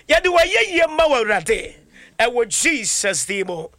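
A man's voice: very high voice, big pitch swings, unhurried, sharp tone, no echo. A man praying aloud in a fervent, declaiming manner, leading thanksgiving. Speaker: prayer leader.

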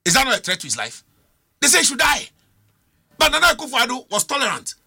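A man's voice: very high voice, wildly swooping pitch, quick pace, vocal fry, pushed and bright, husky. A middle-aged Ghanaian man arguing as a panelist on a political talk show, emphatic and full of rhetorical questions. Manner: emphatic, argumentative, rhetorical questions, mixes languages.

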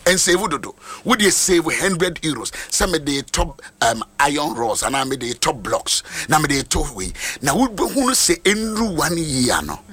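A man with a Ghanaian accent preaching a sermon with passion, swinging between chanted lines and shouts. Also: a little high, very animated, moderate pace, few pauses, breathy edge. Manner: impassioned, switching between Twi and English, sing-song shouting.

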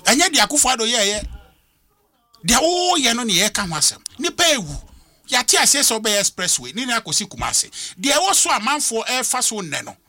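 Man, Ghanaian accent, radio host, high voice, very bright, emphatic, dry studio sound. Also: brisk, no echo. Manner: emphatic, lively, code-switching. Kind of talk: animated radio discussion mixing English and Twi.

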